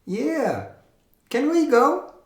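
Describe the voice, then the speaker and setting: A cheerful little male puppet friend, voiced by a man in a high, bright squeak that bounces all over the place. He chirps eager questions at his pal, and the sound rings a bit in a roomy space. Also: very animated, extremely slow, gravelly, heavily acted. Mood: chirpy, eager.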